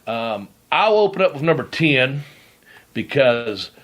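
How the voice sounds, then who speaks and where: A man's voice: medium pitch, sing-song, slow, a bit bright. A middle-aged man hosting a podcast, telling rambling wrestling stories in casual chat, laughing often and swearing as he goes. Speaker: podcast host, former wrestler.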